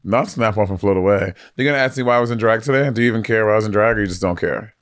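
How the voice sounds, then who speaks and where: A man's voice: lowish voice, fairly bright tone, no echo. Playful storytelling man, dry close sound. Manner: playful, storytelling with quick quoted voices. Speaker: podcast co-host. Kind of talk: casual chat.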